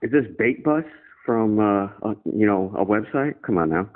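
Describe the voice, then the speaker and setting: A man's voice: on the low side, expressive, normal speed. A man talking in a casual group chat, laid-back and blunt. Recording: tinny phone-like audio.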